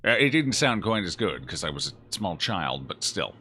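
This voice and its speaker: A man's voice: sits low, big pitch swings, normal speed, sharp tone, slight background noise. A man streaming a game, chatting casually and jokingly as he reacts aloud to his chat. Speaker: gaming streamer. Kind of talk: casual let's-play commentary answering chat.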